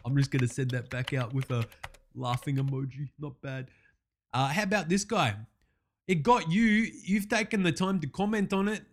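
A man's voice: sits high, fairly bright tone, a little hiss or hum. A man doing a sweary Aussie bloke ranting. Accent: Australian. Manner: swears constantly, sarcastic, says mate a lot. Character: brash foul-mouthed sports bloke ranting online. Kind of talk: comedy parody monologue.

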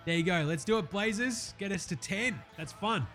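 A man's voice: high-pitched, expressive, moderate pace, sharp tone, faint music behind. A man with an Australian accent hosting a basketball podcast, casual and slangy, swearing freely. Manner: swears freely, laid-back slangy banter. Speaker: podcast host. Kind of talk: casual sports podcast chat.

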